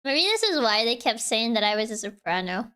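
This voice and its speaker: A woman's voice: a little high, big pitch swings, fairly quick, bright, forceful tone, clear, resonant tone. A woman streamer chatting casually between karaoke songs, giggly and self-deprecating, rambling with fillers.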